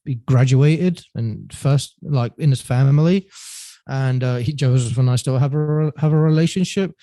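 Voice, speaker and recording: A man as a podcast guest, telling his story in a relaxed way with many fillers and self-corrections. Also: medium pitch, moderate pace, dry recording. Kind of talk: casual storytelling interview.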